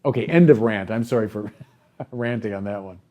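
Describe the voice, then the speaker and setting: A man's voice: lowish voice, normal speed, darkish tone. An older man, a bishop, talking animatedly and emphatically in a podcast conversation, acting out imagined voices in mock quotes.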